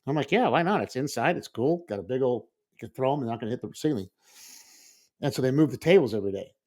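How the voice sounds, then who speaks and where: A school librarian, a man with a mid-range voice who talks fast, is telling an animated story on a casual podcast. Along the way he acts out his own reactions.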